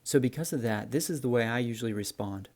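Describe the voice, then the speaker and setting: Gravelly, mellow-voiced man teaching flying. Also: mid-range voice, fast talker. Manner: relaxed, friendly explaining, addresses viewers as guys. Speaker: flight instructor. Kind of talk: instructional narration.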